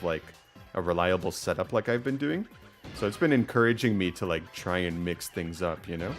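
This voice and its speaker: A deep-voiced man talking through a game on a stream, chatty and upbeat with plenty of "um" and "like". Quiet music runs behind him. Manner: chatty, upbeat, filler-heavy. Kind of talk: let's play commentary.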